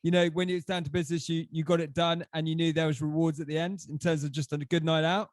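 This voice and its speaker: A man's voice: on the high side, level tone, fast talker, no room sound. A man hosting a podcast, asking questions and joking in a tongue-in-cheek way. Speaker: podcast host. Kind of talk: casual chat.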